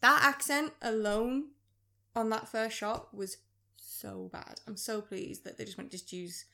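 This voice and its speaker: Blunt, animated woman film reviewer. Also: on the high side, measured pace, creaky. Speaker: podcast co-host. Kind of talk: casual film review chat.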